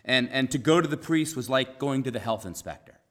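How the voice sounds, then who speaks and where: A man preaching a conversational sermon, earnest, repeating key phrases and dropping to a soft hush for emphasis. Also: medium pitch, lively intonation, brisk.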